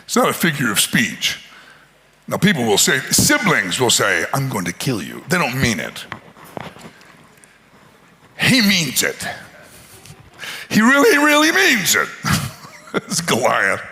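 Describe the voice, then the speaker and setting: A male pastor preaches with a lively, storytelling energy, acting out voices and laughing often. His speech swings widely in pitch and has a gravelly edge. His tone is bright and forceful. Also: slow pace, long pauses. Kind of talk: sermon.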